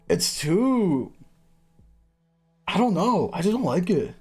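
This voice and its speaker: A man's voice: sits high, sing-song, slow pace, long pauses, slightly rough, soft background music. A man streaming a game, chatting casually in a rambling, distracted way with lots of hesitation. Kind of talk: casual game-reading livestream chat.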